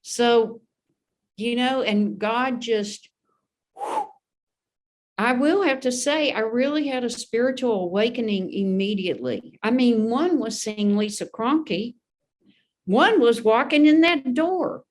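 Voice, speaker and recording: A woman's voice: fairly high pitch, lively intonation, slow. A woman sharing her recovery story in a podcast interview, earnest and openly emotional. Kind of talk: personal testimony in a podcast interview.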